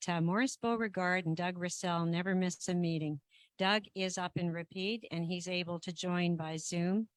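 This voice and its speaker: A woman chairing a formal council meeting in a meeting room, speaking in a measured way with frequent ums and restarts. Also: lowish voice, no echo.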